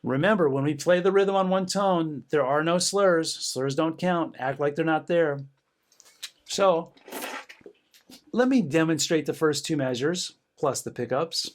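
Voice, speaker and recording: A man's voice: on the high side, unhurried, slight background noise. A middle-aged man giving a band lesson, encouraging students and counting rhythms aloud with bursts of cheering. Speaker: band director. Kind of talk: music lesson demonstration.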